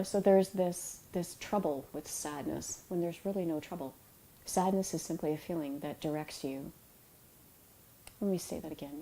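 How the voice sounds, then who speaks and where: Woman, middle-aged, author, reflective talk, gentle and unhurried, deep voice, mellow tone. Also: poor audio. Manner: soft, unhurried and tender, with pauses. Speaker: author and yoga teacher. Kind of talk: reflective talk about emotions.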